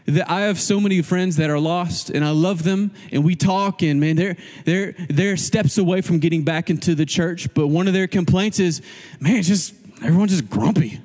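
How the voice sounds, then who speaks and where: A male pastor preaching a sermon in a casual, animated way, acting out quoted voices as he goes. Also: high voice, normal speed, few pauses, in a large hall.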